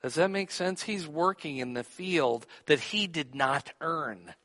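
Preacher guy, slow and deliberate, bright voice, lots of hall echo. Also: fairly high pitch, lively intonation. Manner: teaching, asks the audience questions. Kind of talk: sermon.

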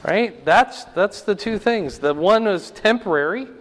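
Man, Bible teacher, high voice, unhurried, echoing hall. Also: expressive. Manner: explanatory, repeats "right?" and "okay?".

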